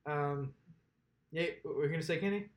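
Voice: mid-range voice, a little fast. A podcast host telling a story in casual chat, laughing often and mimicking the people described. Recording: roomy echo.

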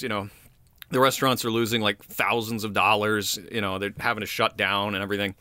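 A man co-hosting a casual true-crime podcast, animated and profane, laughing often and acting out quotes. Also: lowish voice, fairly quick, no room sound. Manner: animated, swearing, laughing often, quoting people in put-on voices. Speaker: podcast co-host.

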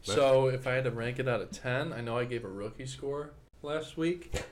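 A man hosts a casual beer-tasting podcast with friends. He is laid-back and enthusiastic, laughs easily, and speaks at an ordinary middle pitch. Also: moderate pace, slight background noise. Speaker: podcast host. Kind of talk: casual chat.

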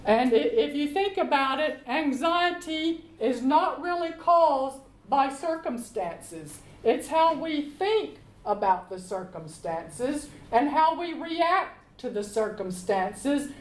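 A woman leading a Bible study, reading scripture aloud and explaining it in a slow, deliberate way. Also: high-pitched, lively intonation. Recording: echoey room.

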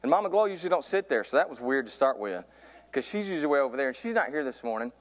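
A man in his thirties preaching a sermon from a church pulpit, telling a comic story and getting louder and higher as it builds. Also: very fast. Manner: animated storyteller, voice climbs high in excitement. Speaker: youth pastor preaching.

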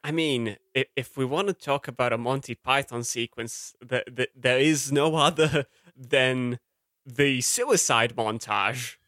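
A man's voice: mid-range voice, a little slow, fairly bright tone, no room sound, clean studio sound. A man co-hosting a podcast, chatting about films with wry asides and hesitant restarts. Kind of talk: casual film discussion.

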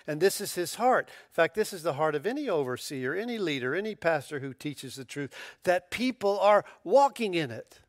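A man preaching a sermon as a pastor, emphatic and animated, often stumbling over restarts as he builds to a point. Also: a little high, moderate pace, few pauses, dry recording, clean studio sound.

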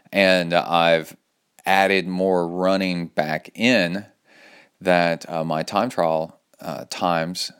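A man's voice: deep voice, smooth. A man hosting his own podcast, talking casually and enthusiastically with plenty of fillers as he rambles through updates and a sponsor read. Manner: loose and rambling, many fillers, upbeat and enthusiastic. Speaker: podcast host.

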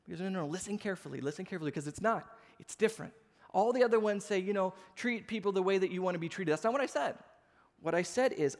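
A man in his thirties, a pastor, preaching a sermon with animated storytelling, acting out the voices of people in his stories. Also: sits high, quick pace. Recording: long hall reverb.

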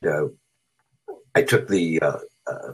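A man's voice: a bass voice, slow pace, breathy edge, rough recording. A middle-aged man hosting a radio talk show, talking in an encouraging, rambling way with plenty of fillers. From California. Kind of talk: casual chat.

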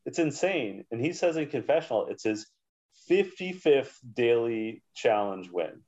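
A man co-hosting a podcast in casual chat, recapping quickly and making dry jokes. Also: medium pitch, big pitch swings, a little mellow. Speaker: podcast co-host. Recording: dull lo-fi audio.

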